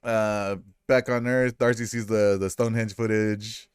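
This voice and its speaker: Smooth-voiced man recapping a movie casually. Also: fairly low pitch, measured pace, no echo, clean studio sound. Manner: animated, laughs often, acts out quotes. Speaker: podcast co-host.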